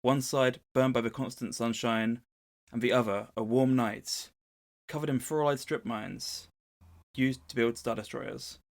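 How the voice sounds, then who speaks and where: A man with a gravelly, creaky voice at a middle pitch, co-hosting a relaxed podcast. He walks his listener through a story's plot in a loose, conversational way. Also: a little slow. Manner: storytelling summary of a book plot. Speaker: podcast co-host. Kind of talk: casual podcast recap.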